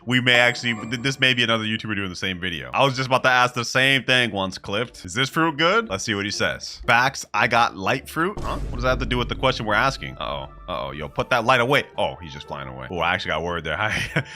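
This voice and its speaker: A man giving excitable, slangy gameplay commentary as a gaming YouTuber, laughing often. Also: lowish voice, fast, hardly any pauses.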